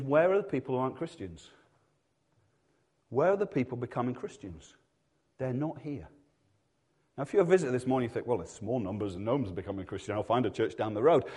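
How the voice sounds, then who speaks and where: A man's voice: medium pitch, darkish tone. A male pastor preaching a sermon in a church, telling stories and acting out voices in dialogue.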